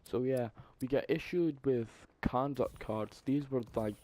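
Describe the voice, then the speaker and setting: Profane young man, mellow tone. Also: medium pitch, measured pace. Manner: profane, animated retelling with exasperated asides. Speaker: vlogger. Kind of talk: casual storytelling.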